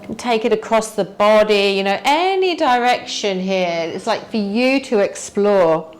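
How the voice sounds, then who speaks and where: A woman teacher guiding a yoga warm-up, gently asking the listener what they feel in the body. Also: mid-range voice, lively intonation, faint music behind. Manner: slow, gentle, inviting questions to the listener. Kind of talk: guided yoga class instruction.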